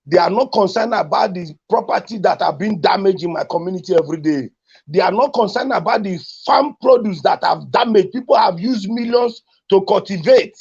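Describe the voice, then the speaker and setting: A man's voice: high-pitched, gravelly, darkish tone, breathy edge, lo-fi sound. A man with a Nigerian accent making an impassioned, repetitive appeal for his community. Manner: pleading, repetitive, emotional. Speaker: community advocate.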